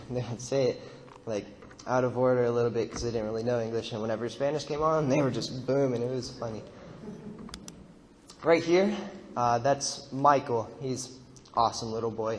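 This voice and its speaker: A man's voice: medium pitch, a little hiss or hum. Young man narrating a slideshow in a hall. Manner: casual, rambling with fillers and laughs. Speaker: mission trip member giving testimony.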